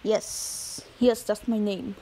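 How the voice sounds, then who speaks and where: A woman's voice: mid-range voice, flat delivery, slow pace, dark tone, slight background noise, lightly acted, low-quality recording. Knuckles, voiced by a woman, sulky echidna. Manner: sulky, mumbling, sighing. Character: Knuckles, moody male echidna with anger issues.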